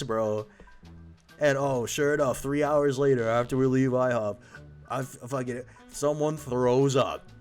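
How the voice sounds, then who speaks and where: A man's voice: medium pitch, fairly even intonation, unhurried, a little mellow, smooth, soft background music. A young man doing profane, joking gameplay commentary as a voice-over, laughing at his own gags. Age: young adult. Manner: crude, profane and irreverent. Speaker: video essay host.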